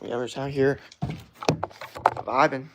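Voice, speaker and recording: A man's voice: mid-range voice, steady tone, unhurried, gravelly, fairly bright tone. Laid-back young man from Florida. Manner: laid-back, slangy, lots of filler. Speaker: livestream host answering chat questions. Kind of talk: casual livestream chat. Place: outdoors at night.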